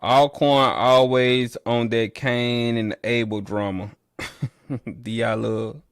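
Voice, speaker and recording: A man's voice: medium pitch, slow pace, clean tone, no room sound, studio quality. Teasing man trash-talking on a livestream. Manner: playful trash talk, teasing, rising to loud animated bursts. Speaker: livestream host reading chat. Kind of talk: casual livestream chat.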